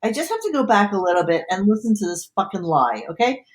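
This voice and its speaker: A woman's voice: mid-range voice, sing-song, fast talker. A woman co-hosting a podcast, reacting to old radio clips with sarcastic, profane disbelief. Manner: incredulous, swears freely, sarcastic. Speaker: podcast co-host. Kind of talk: profane, heated reaction commentary.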